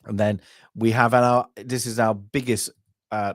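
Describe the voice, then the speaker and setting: A man's voice: lowish voice, little pitch movement, measured pace, no echo, studio quality. A man co-hosting a casual film review, rambling through the story with lots of restarts and fillers, acting out lines.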